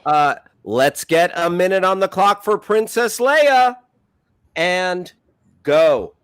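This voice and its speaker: A man's voice: high voice, expressive, slow, clear, resonant tone. Upbeat male game-show host. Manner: announcing, upbeat, calls time.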